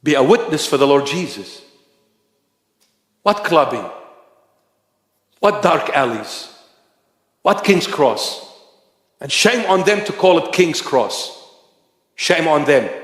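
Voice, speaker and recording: A man preaching a sermon, forceful and at times shouting. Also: a little high. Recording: echoey hall.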